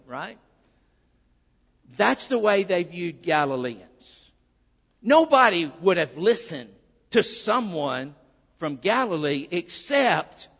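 A male pastor delivers a sermon in a high, gravelly voice. He keeps it earnest and conversational, with plenty of asides. The recording is dull and muffled, with a long church-hall reverb trailing his words. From Arkansas, US.

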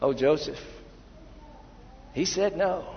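A high-voiced male preacher delivers a sermon at an unhurried pace. He drops to quiet storytelling, then rises to loud, stretched-out calls to his congregation. The sound is dull and lo-fi, with a long reverb from a large hall. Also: vocal fry, slight background noise. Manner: swings from quiet storytelling to loud, drawn-out exhortation.

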